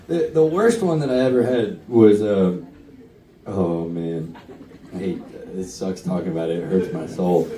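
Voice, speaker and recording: A man's voice: lowish voice, dark tone, slight background noise. Rambling man chatting on a concert stage. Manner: rambling, self-deprecating, chuckling often. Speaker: singer-songwriter on stage. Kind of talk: rambling stage banter between songs. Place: indoor concert venue with a live crowd. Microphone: stage mic, recorded by an audience camera from far off. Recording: echoey concert hall heard from far off, with crowd and band.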